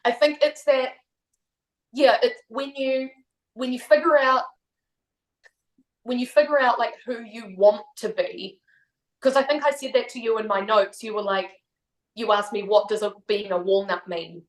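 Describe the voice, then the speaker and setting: A woman's voice: a little high, steady tone, moderate pace, pauses often. A woman in her thirties with a New Zealand accent, a podcast guest talking candidly and reflectively, laughing often. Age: 30s. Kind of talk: casual chat. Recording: roomy echo.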